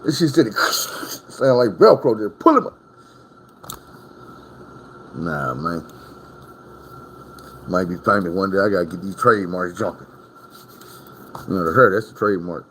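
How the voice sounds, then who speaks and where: A man's voice: low voice, animated, moderate pace, pauses often, fairly bright tone, slight background noise. A man from Arkansas, telling prison stories in a casual storytime monologue. His talk is profane and rambling, full of asides to the listener.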